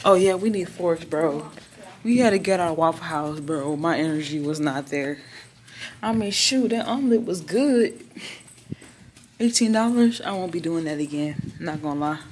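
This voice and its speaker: A woman's voice: deep voice, expressive, moderate pace, a little mellow, slight background noise. Slangy young woman vlogging on a phone. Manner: playful, slangy, says "bro" and "y'all" a lot. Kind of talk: casual vlog chat. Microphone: phone held at arm's length.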